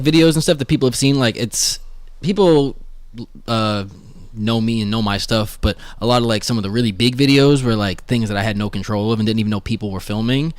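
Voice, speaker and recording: Hesitant young man with a smooth, dry voice. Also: fairly low pitch, no room sound. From Boston, USA. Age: late 20s. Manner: hesitant, thoughtful, many fillers and restarts. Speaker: street portrait artist, guest. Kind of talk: casual conversation.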